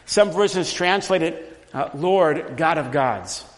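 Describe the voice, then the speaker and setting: A man preaching a sermon, teaching through a scripture passage and building to emphatic, loud repetitions. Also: fairly high pitch, lively intonation, slow pace, big-room sound. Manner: emphatic preaching, rising loud on repeated phrases. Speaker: pastor.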